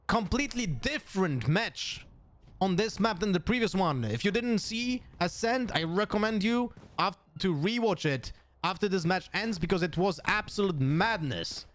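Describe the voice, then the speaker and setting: High-voiced man with an accent casting esports. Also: moderate pace. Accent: non-native English accent. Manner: excitable, jumps up to shouts on kills; thinks aloud with frequent restarts and fillers. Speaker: esports caster. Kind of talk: live esports play-by-play commentary.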